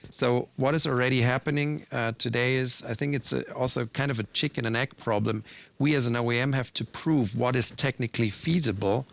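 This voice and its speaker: A man's voice: mid-range voice, steady tone, a little fast, vocal fry. A man with a German accent, a truck maker executive answering on a panel in an earnest way, with many fillers and restarts.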